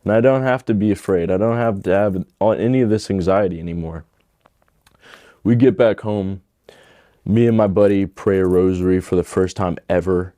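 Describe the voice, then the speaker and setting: Deep-voiced young man telling his story. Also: moderate pace, dark tone, no room sound, studio quality. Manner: heavy filler "like", storytelling with emotional swings. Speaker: testimony speaker. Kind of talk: casual personal testimony.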